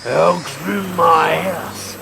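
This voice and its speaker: A man voicing a gang of angry young male street thugs who curse and threaten, with steady traffic noise behind him. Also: a little high, takes it slowly, vocal fry, full character voice. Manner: snarling, cursing, threatening.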